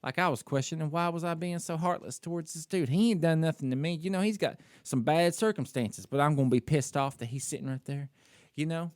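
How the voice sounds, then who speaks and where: A man's voice: fairly high pitch, brisk, dry recording, clean studio sound. A man co-hosting a podcast, telling a story in a casual, candid way and criticizing himself, with lots of "you know" and "like". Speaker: podcast co-host. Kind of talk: casual chat.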